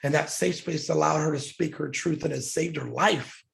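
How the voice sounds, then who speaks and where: A man's voice: fairly high pitch, fairly even intonation, moderate pace, vocal fry, slight background noise. A middle-aged man, a podcast guest, telling a personal story in an earnest, heartfelt way, getting emotional as he speaks.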